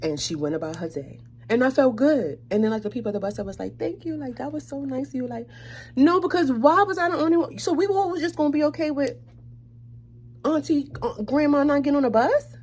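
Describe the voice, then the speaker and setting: A young woman from New York telling a storytime tale in a sassy, animated way, dropping to whispered asides. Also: high voice, fairly quick. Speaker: vlogger. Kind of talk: storytime chat.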